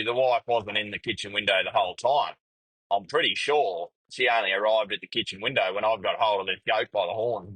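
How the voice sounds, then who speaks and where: A man's voice: lowish voice, bright, forceful tone, breathy edge, dry recording, rough recording. A young Australian man hosting a podcast, telling a rambling, profane yarn in casual storytelling style. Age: young adult. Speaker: podcast host.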